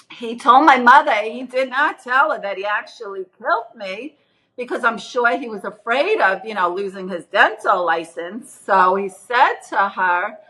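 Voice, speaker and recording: A middle-aged woman earnestly retelling her near-death experience in casual testimony, acting out the quoted voices with big jumps in pitch. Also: bright, forceful tone, low-quality recording.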